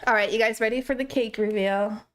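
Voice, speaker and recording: Speaking a little fast in a slightly high, steady voice, a young woman live-streams casual chat with viewers, reading messages aloud and telling a story full of laughs.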